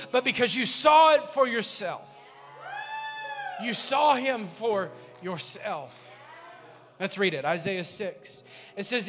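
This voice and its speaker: A man pastor preaching a sermon, impassioned and repetitive, building up to shouting. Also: extremely high pitch. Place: large church sanctuary. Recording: long church reverb, faint music.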